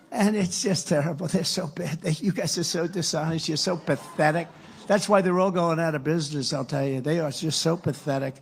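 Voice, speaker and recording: A man with a gravelly, slightly raised voice working through a campaign rally speech. He rambles and circles back on the same phrases. He drops sarcastic asides as he goes. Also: a little high, fairly even intonation, brisk. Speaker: political candidate. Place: live rally.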